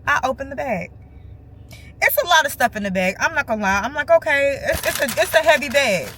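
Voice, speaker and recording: A woman with telling a casual storytime vlog from her car, acting out other people's lines in an animated way. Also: sits high, a little fast, slight background noise. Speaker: vlogger. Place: parked car.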